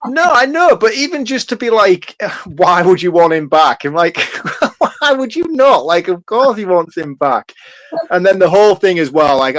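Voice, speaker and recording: A man's voice: fairly high pitch, a bit bright, no echo. A man, chatting casually and animatedly as a podcast co-host, laughing and swearing freely. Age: 30s. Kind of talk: casual film-review chat.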